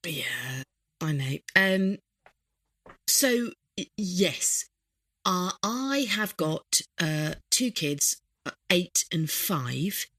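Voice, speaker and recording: A woman on a podcast telling a relaxed, chatty story. Her voice sits somewhat low for a woman. The recording is dry and close. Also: very slow, pauses often, dry recording. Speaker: podcast co-host. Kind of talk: casual chat.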